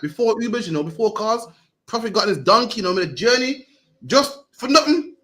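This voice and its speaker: A man leading a Bible class in a fast, slangy style, tacking "man" onto his lines and urging the reader on. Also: sits high, animated, bright, forceful tone. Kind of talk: lively street-style Bible teaching.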